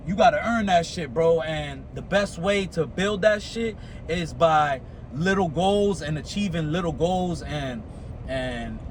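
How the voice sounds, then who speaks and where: A man's voice: sits high, fairly bright tone, slight background noise. A young American man giving a casual motivational talk, profane and streetwise, often asking "you know what I'm saying". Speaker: motivational speaker.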